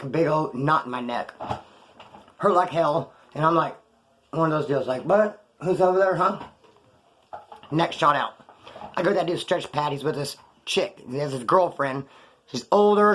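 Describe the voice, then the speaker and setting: A man's voice: a little high, fairly bright tone. Profane man telling prison stories. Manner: profane street slang, rambling. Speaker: storyteller recounting prison life. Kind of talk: casual monologue.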